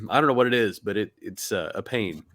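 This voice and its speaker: A man co-hosting a casual podcast who is getting over a cough and speaks in a relaxed, halting way. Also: on the low side, no echo. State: recovering from a cough. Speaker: podcast co-host.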